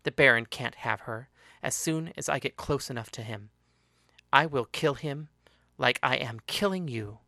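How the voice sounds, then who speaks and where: A male reader voices a ruthless young woman fighter, using a low, controlled tone with quiet menace. His delivery stays bright and forceful at a moderate pace, recorded dry and close with no room sound.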